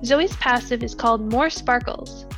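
A woman's voice: a little high, measured pace, music in the background. A woman co-hosting a gaming podcast, methodically reading out stats and ability details in a casual way. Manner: steady, methodical reading of numbers. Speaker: podcast co-host.

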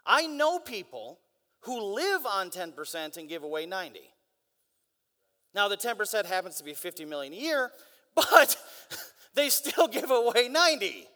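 High, bright-voiced man preaching. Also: big pitch swings, moderate pace. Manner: preachy, rhetorical questions, acts out others in mock voices. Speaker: guest preacher. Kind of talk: energetic sermon. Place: large church hall. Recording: long church hall reverb.

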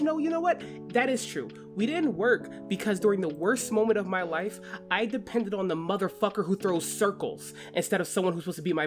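Heated player arguing in character. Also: female voice, medium pitch. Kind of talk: playing a hero in a tabletop game.

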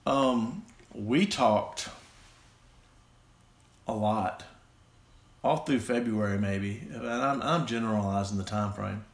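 With a low-leaning voice and a reverberant sound, a man with a Southern American accent stumbles through a rambling personal story at his own expense, restarting again and again.

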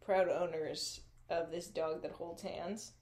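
A woman's voice: on the low side, fairly even intonation, slow, noisy background. A young adult woman co-hosting a podcast, telling stories in casual chat with lots of laughter and swearing. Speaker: podcast co-host.

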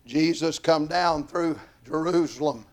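An older man preaching an old-time sermon, swinging from hushed talk to shouting in a sing-song way, with a gravelly voice. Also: a little high, a little slow.

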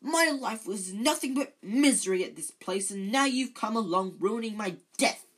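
A reader putting on a high, choked, whiny voice for a weepy, dramatic ghost girl in a read-aloud story. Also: animated, moderate pace, a bit bright, husky. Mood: wailing. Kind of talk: amateur read-aloud of a novel.

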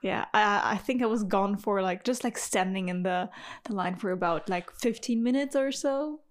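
A woman with an ordinary middle-pitched voice chats easily with her co-host. She keeps it loose and relaxed, answering briefly and laughing along. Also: moderate pace. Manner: relaxed, short replies, frequent laughs. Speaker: podcast co-host. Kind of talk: casual chat.

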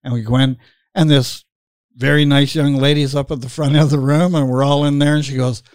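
A man's voice: medium pitch, steady tone, fairly quick, clear, resonant tone, no room sound, clean studio sound. A middle-aged man hosting a casual chat, rambling with many fillers and laughing as he tells stories. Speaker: podcast host.

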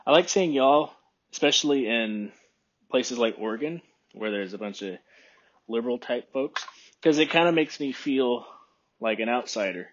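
Husky, phlegmy man rambling on a podcast. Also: mid-range voice, moderate pace, highs cut off. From Texas. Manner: rambling, relaxed, frequent throat clearing. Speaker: podcast host. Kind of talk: casual solo podcast chat. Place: room by a window.

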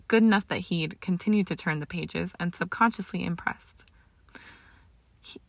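A woman reading fan fiction aloud as narrator, in steady storytelling with the odd small slip. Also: lowish voice, gravelly, no echo.

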